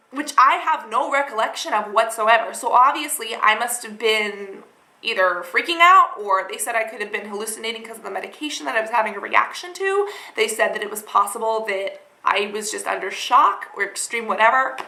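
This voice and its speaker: A woman's voice: a little high, bright, forceful tone, roomy sound, low-quality recording. A young woman vlogger rambling through a dramatic storytime retelling, full of fillers. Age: young adult. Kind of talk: storytime vlog.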